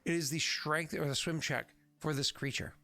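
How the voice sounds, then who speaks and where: A man's voice: a little high, fairly even intonation, moderate pace, creaky, bright, forceful tone, soft background music. A young man acting as game master in a tabletop game, chatty and jokey, laughing at his own bits. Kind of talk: running a tabletop game over stream.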